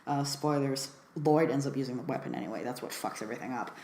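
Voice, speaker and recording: A woman's voice: rumbling low, very animated, rapid-fire, vocal fry, warm tone, echoey room, a little hiss or hum. A woman giving a casual film review, talking chattily with lots of fillers and frequent laughs.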